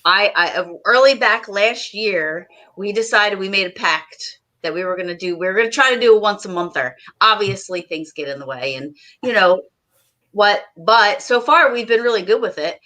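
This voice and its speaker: A woman hosts a relaxed live-stream chat in a bright, sharp-edged voice. She talks hesitantly, stopping often for "um" and starting her sentences over. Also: mid-range voice, moderate pace, poor audio. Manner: hesitant, many ums and restarts. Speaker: host. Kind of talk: casual live-stream talk.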